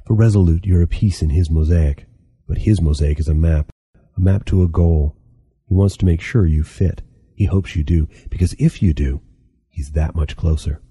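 A man voicing a patient, wry older guide in an audiobook, calm and reasoning. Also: sits low, normal speed, breathy edge, dry recording, clean studio sound. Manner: calm, reasoning and gently teasing. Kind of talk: audiobook character reading.

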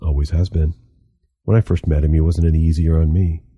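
A man voicing a patient, wry older guide in an audiobook, calm and reasoning. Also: a bass voice, fairly quick, slightly rough, no echo, highs cut off. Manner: calm, reasoning and gently teasing. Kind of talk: audiobook character reading.

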